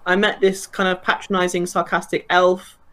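A woman's voice: on the low side, level tone, normal speed, fairly bright tone. Laughing, enthusiastic woman chatting. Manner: enthusiastic, laughing, lots of fillers. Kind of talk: casual chat.

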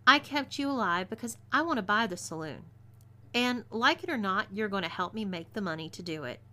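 A woman's voice: mid-range voice, very animated, moderate pace, bright, forceful tone. Texan woman playing Layla, a scheming outlaw woman. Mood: teasing. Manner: teasing, businesslike.

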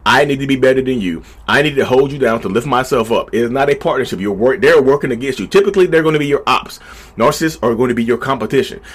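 A man's voice: mid-range voice, fast talker, husky. A man giving blunt, profane relationship advice in a casual vlog monologue recorded in a backyard shed. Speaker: vlogger.

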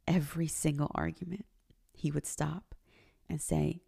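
Woman, podcast host, low voice, earnest confessional monologue. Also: steady tone, measured pace, gravelly, dark tone, slightly rough. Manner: earnest, confessional, emotional at times. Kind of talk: personal faith podcast monologue.

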